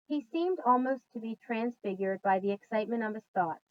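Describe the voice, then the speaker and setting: A woman teacher reads a children's book aloud in a steady storytelling voice. She drops quieter on narration. Her voice sits on the higher side, and the recording is dull and lo-fi. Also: brisk.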